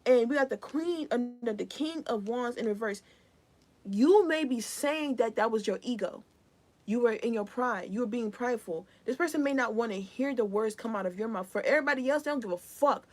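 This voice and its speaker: Woman, young adult, tarot reader, slangy, rambling, restarts, higher voice. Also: animated, a little fast. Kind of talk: live collective tarot reading.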